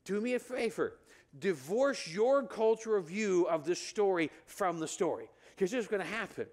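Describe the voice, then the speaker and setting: A male pastor preaching in a church, his voice pitched high for a man and swinging widely up and down. He acts out the quoted lines and keeps the sermon lively. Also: normal speed. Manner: animated, acts out the brothers' lines with rising pitch. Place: church sanctuary.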